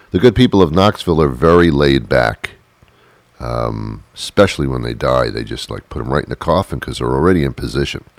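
A man with a very low, deep voice rambles through a deadpan comic monologue, full of mock-confused asides. The recording is dry and close, with no room sound at all. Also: no echo. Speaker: comedian. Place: sitting on a porch outdoors.

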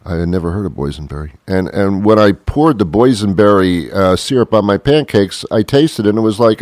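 A man with a very low, deep voice talks through a wry, rambling comic monologue, slipping into little acted-out exchanges between made-up characters. The sound is dry and close, with no room around it. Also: expressive, fairly quick, hardly any pauses, a little mellow, dry recording. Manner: wry, rambling, acts out both sides of imagined dialogues. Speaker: radio show host.

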